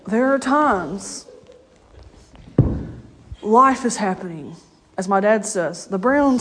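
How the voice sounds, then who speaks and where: A woman's voice: on the high side, animated, measured pace, long pauses, a little hiss or hum. A woman preaching a casual, story-filled sermon. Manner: conversational storytelling, laughs often. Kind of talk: informal sermon.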